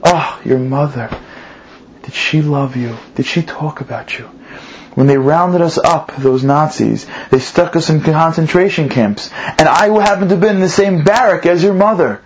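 A man's voice: a little high, normal speed, highs cut off, a little hiss or hum, lightly acted. A man voicing an old European grandmother who gushes and reminisces with nostalgia. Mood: amazed.

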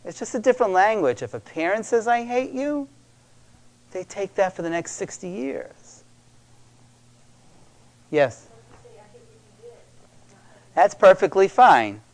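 A man's voice: high-pitched, big pitch swings, a little slow, pauses often, darkish tone. Emphatic man giving a talk. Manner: conversational, emphatic, repeats for stress. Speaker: speaker on parenting. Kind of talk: talk to a live audience.

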